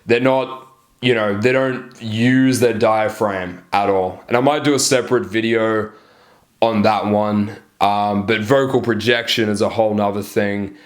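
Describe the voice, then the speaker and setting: A man's voice: lowish voice, steady tone, a little slow. A man coaching about dating in a blunt, casual way, swearing often and checking in with "right?". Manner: blunt, profane, peppers lines with "right?". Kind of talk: casual coaching talk to camera.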